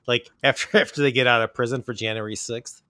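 A man's voice: medium pitch, steady tone, quick pace, sharp tone, no echo. A man hosting a casual movie podcast with a dry, close-sounding voice. He steers the conversation along and drops sarcastic quips. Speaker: podcast host.

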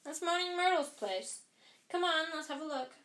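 Woman voicing a bossy teen schoolgirl, brisk, high, echoey room. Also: animated, fairly bright tone. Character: bossy, brisk teenage schoolgirl, know-it-all.

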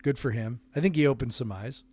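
A man in his thirties chatting on a podcast, mid-pitched and easygoing, who rambles through stories, trips over restarts and laughs often. His voice sits close and dry, with no room sound around it. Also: brisk, darkish tone, no echo. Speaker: podcast co-host. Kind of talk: casual chat.

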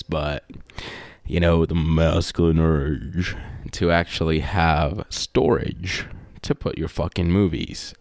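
Deep, gravelly, joking young man. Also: dry recording. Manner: profane, joking, lots of fillers. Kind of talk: casual rambling monologue.

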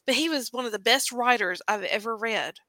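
A woman's voice: on the high side, fairly quick, bright, forceful tone, dry recording, low-quality recording. A woman hosting a podcast interview over a video call, chatting and telling rambling stories. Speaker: podcast host. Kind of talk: casual interview chat.

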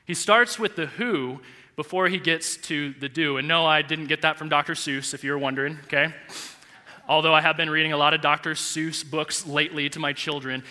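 Bright-voiced man preaching in a church. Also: on the high side, normal speed. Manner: personal storytelling, animated and emotional at times. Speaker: pastor. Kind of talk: sermon. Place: large church hall. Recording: echoey church hall reverb.

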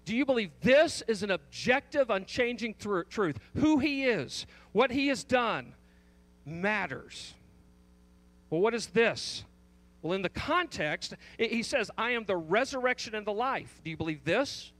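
A man with a notably high voice delivers a sermon. He leans hard on one repeated question, stressing single words and often restarting his phrases. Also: animated, measured pace, a bit bright. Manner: emphatic, repeats the key question, frequent restarts. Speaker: pastor.

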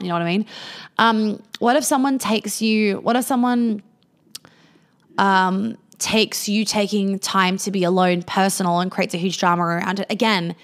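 A woman's voice: mid-range voice, steady tone, normal speed. Blunt, casual woman giving live advice. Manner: blunt, casual and swears freely, with many fillers; acts out quoted replies in a lighter voice. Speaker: host answering viewer questions on a livestream.

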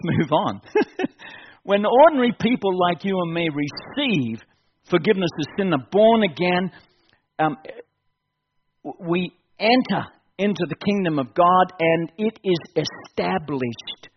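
A man's voice: fairly high pitch, slight background noise. A man preaching a fervent evening sermon at a church service, building to urgent appeals and repeating his key phrases. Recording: dull lo-fi sound.

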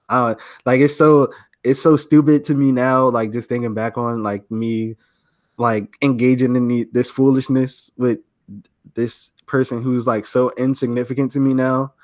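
A young man talks casually as a podcast co-host, loose and slangy, his speech full of fillers. He tells stories in an easy, relaxed chat. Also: medium pitch, normal speed.

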